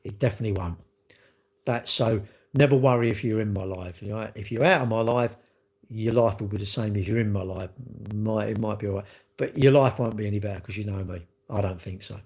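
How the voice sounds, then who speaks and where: A man's voice: fairly low pitch, a little fast, darkish tone, husky. A man on a live stream, answering chat comments bluntly in a rambling way, full of restarts and rhetorical questions.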